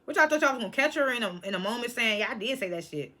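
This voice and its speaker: Woman vlogger, reality-TV recap; bright, slightly high voice, blunt and animated delivery. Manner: animated, blunt, swears freely, quick laughs. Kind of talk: casual episode review.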